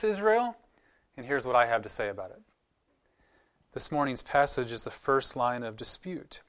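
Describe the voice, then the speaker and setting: A male pastor giving a sermon in a conversational, earnest way, often putting questions to the congregation. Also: on the high side.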